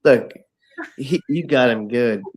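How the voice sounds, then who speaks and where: Relaxed, supportive man chatting casually. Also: mid-range voice, slow pace. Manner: relaxed, supportive, hesitant with fillers. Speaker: guest. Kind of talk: casual chat.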